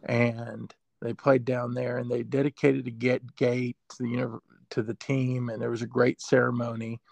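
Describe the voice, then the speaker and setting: A man who works as a sports information director, telling a story emotionally and haltingly, with many fillers. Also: medium pitch, level tone, vocal fry, a little mellow, dry recording. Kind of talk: storytelling in an interview.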